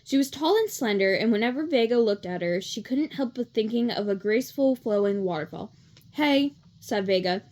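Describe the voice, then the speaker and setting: A woman reads a children's novel aloud for a read-along, her voice sitting fairly high. She keeps a steady pace, now and then tripping over a word and correcting herself before carrying on. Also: fairly quick, few pauses. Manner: steady reading with small slips and self-corrections.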